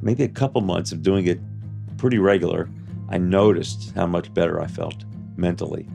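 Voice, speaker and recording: A man in his seventies telling his life story in an interview, halting and full of restarts and "you know" fillers. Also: low voice, gravelly, warm tone, soft background music. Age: 70s.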